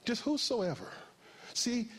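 A man, a pastor, preaching a sermon, who acts out quotes in a raised voice and closes in a slow, soft prayer. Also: very high-pitched, expressive.

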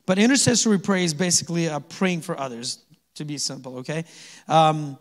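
A man preaching a sermon as pastor, conversational and quick to chuckle, often asking the congregation to answer back. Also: fairly high pitch, big-room sound. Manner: conversational, asks the congregation to respond; chuckles often between points. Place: church sanctuary.

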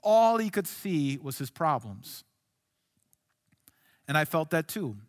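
A male pastor delivers an earnest sermon with a high voice. He drops to soft, hushed lines, then lifts into emphatic ones. His voice rings with the long reverb of a large hall. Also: big pitch swings, slow.

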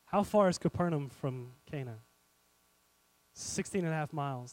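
A man preaching a sermon, animated and speaking straight to his congregation, swinging between loud and hushed. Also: fairly high pitch, normal speed, pauses often, no echo, low-quality recording. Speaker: pastor.

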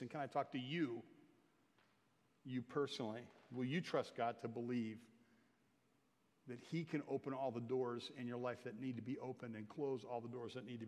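A man preaching a sermon in earnest, building louder and higher at the climaxes. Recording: long hall reverb.

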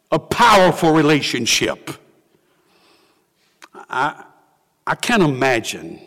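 Animated high-voiced male preacher. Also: long reverb tail. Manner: animated, dramatic, repeats phrases for emphasis. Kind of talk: sermon.

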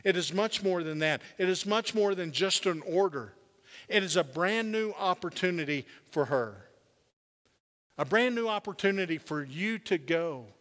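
A male pastor preaching a sermon with earnest conviction, slowing down and dropping low on key words. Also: expressive, fairly bright tone. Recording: long hall reverb.

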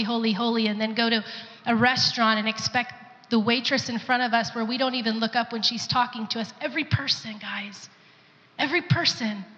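Sharing her testimony in a church service, a pastor's wife speaks earnestly, now and then taking on the voices of those she quotes. Her voice is a little high, pushed and bright, and the dull audio carries a big-room sound.

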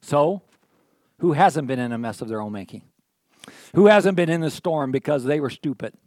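A man's voice: fairly high pitch, expressive, normal speed, darkish tone, dry recording, clean studio sound. A middle-aged man preaching a sermon, telling stories in a folksy, conversational way and often checking in with his listeners. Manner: conversational, folksy storytelling with frequent "okay?". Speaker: pastor.

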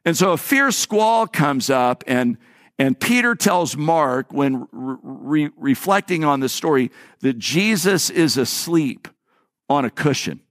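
A man's voice: fairly high pitch, animated, takes it slowly, fairly bright tone, no echo. Storytelling male pastor, dry sound. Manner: storytelling, acting out quoted voices; repeats words on restarts. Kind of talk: sermon.

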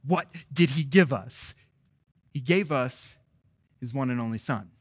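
A male pastor with a medium-pitched voice preaches a sermon at an unhurried pace, the sound free of echo. He asks rhetorical questions again and again, swinging from loud, emphatic stretches to soft, quiet ones.

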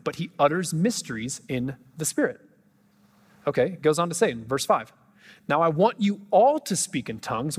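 A male pastor with a fairly high, husky voice delivers an animated sermon. He breaks into quick, joking bursts between scripture readings. The sound rings with long hall reverb.

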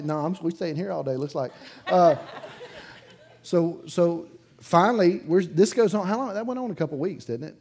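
A man preaching a sermon as pastor in his church, telling a story in a loose, conversational way, chuckling between sentences and swinging from loud bursts to quiet asides. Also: a little high, moderate pace. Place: church sanctuary, in front of a congregation.

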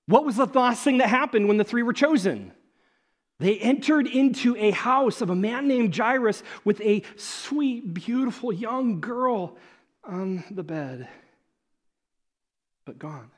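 A man preaching a sermon in an animated, conversational storytelling way, swinging between loud emphasis and hushed moments. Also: very high-pitched, slow. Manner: conversational, with fillers like "like" and "okay".

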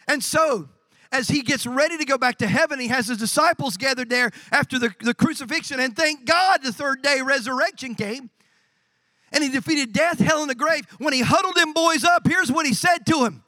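A man preaching a sermon as pastor, building to drawn-out shouted emphasis. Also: extremely high pitch, no room sound.

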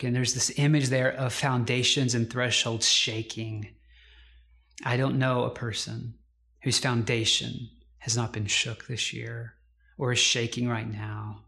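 A male pastor delivers an earnest, conversational sermon. His voice sits in a middle register, and he slows right down to weigh each quoted line. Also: mid-range voice, sharp tone. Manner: earnest, conversational preaching with slowed, emphatic quotations.

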